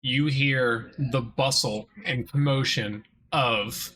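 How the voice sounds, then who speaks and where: A man runs a tabletop game from home, narrating the scene slowly and deliberately. His voice is bright and forward, and between descriptions he drops into loose, profane banter with his players. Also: medium pitch, steady tone, low-quality recording. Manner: swears casually, slows down to narrate. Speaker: game master. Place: home, with a child nearby.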